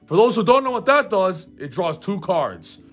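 A man's voice: high-pitched, very animated. A young man hosting a gaming vlog, hyped and boastful as he explains a card game. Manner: hyped, boastful, fast-talking. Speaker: gaming YouTuber host.

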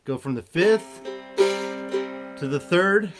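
A man teaching a relaxed guitar lesson, explaining in an easygoing way while he plays. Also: high voice. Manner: slow, easygoing, demonstrates while talking. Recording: loud guitar under the voice. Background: loud cigar box guitar playing.

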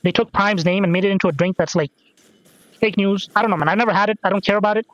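A man's voice: sits high, fairly even intonation, fast talker, a bit bright, no echo. A young man hosting a gaming podcast, chatting casually and rambling with crude jokes while he plays. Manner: rambling, profane, jokey, self-interrupting. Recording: dry, dull lo-fi sound.

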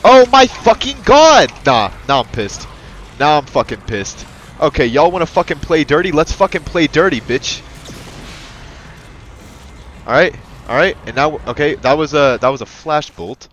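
A man giving let's-play commentary, excitable and profane, yelling at the game and talking to his in-game partner like a buddy. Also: on the high side, normal speed, long pauses, slight background noise. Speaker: gaming channel host.

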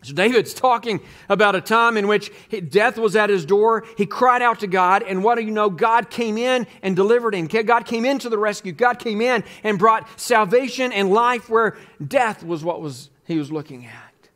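A man with a notably high voice delivers a sermon as pastor. He speaks with earnest emphasis and reads scripture passages aloud to the congregation. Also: normal speed, fairly bright tone.

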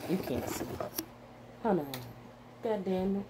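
An older woman who is a grandmother, talking casually to her vlog audience from home at her computer, animated and swearing as she scolds herself with laughs. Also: medium pitch, takes it slowly, heavy background noise. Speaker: YouTuber. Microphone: phone or computer mic.

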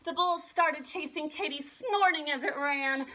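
A woman art teacher reading a children's picture book aloud with an expressive, animated delivery. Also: high-pitched, unhurried. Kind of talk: storybook read-aloud.

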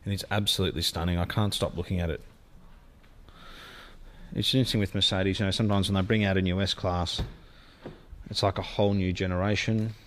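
A man's voice: deep voice, fairly even intonation, brisk, pauses often, a bit bright, slight background noise. A man giving a gushing car-sales walkaround as a dealer. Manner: enthusiastic, gushing sales talk.

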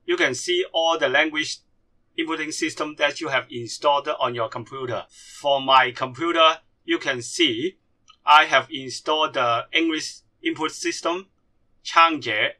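Bright-voiced man teaching a screen tutorial. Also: on the high side. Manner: halting, non-native grammar. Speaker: language teacher.

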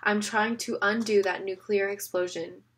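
A woman's voice: mid-range voice, fairly even intonation, moderate pace, a bit bright, natural voice. A woman reading the lines of an earnest man who patiently explains things. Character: earnest serious man, time-law enforcer. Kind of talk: audiobook reading.

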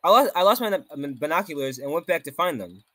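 A man voicing a calm young woman explorer companion, reading her game dialogue aloud plainly. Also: a little high, fast, no room sound. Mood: explaining.

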